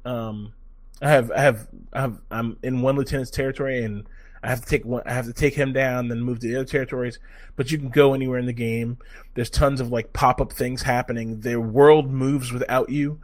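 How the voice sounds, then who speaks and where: A man giving a casual game review, excitable, swearing freely, full of fillers and restarts. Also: mid-range voice, fairly quick.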